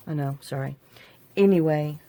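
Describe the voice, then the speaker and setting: Her voice is low and warm: a middle-aged crafting channel host rambling to herself as she works. The talk is casual tutorial chat.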